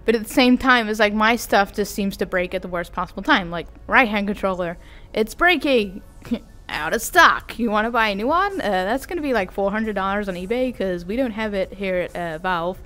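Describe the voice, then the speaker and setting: A woman's voice: mid-range voice, animated, moderate pace, a bit bright. A young adult woman vlogging in a casual, rambling, self-deprecating chat with giggly asides. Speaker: vtuber vlogger.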